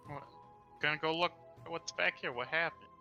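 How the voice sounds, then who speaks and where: A man playing in a tabletop game, reacting in quick casual remarks. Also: fairly high pitch, gravelly, pushed and bright, lo-fi sound, soft background music. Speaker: player.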